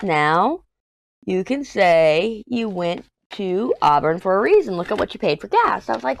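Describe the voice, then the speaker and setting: A woman's voice: mid-range voice, lively intonation, measured pace, no echo. A woman from Texas, chatting casually in a rambling, storytelling way while she works on a craft for her vlog. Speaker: craft vlogger. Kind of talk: casual chat while diamond painting.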